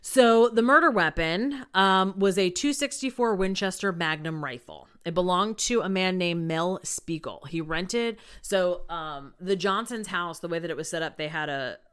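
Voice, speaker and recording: A woman's voice: on the low side, normal speed, hardly any pauses, a bit bright, smooth. A woman hosting a podcast, casually retelling a true crime case with lots of "um" and "like". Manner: chatty, many fillers like "um" and "like".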